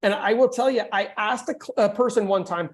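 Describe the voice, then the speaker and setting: A man coaching real estate agents on a video call, energetic and joking in a casual, conversational way. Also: high voice, fairly quick.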